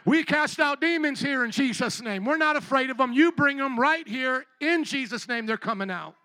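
A middle-aged man preaching a sermon as pastor, mocking sayings and shouting for emphasis. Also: very high voice, animated, normal speed, dry recording.

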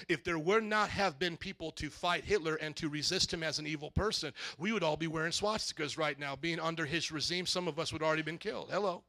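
A man pastor preaching a sermon, swinging from loud emphatic shouts to soft asides. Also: fairly high pitch, a little fast, hardly any pauses.

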